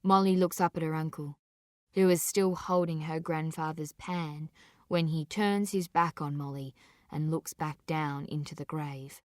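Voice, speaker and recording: A woman narrates a dark story with intense, deliberate delivery. She takes her time, letting each short phrase land. The sound is dry and close, with no room around it. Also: sits low, fairly even intonation, no echo.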